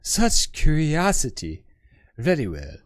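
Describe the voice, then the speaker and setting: A man's voice: on the high side, huge pitch swings, takes it slowly, exaggerated voice. A man voicing a serene, formal woman scholar with careful, precise diction in a game. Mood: measured, gracious.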